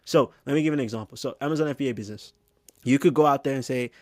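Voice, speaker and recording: This man's medium-pitched voice has a steady tone, captured in a dry, studio-quality recording. He coaches on business directly to camera, speaking fast and casually with lots of filler.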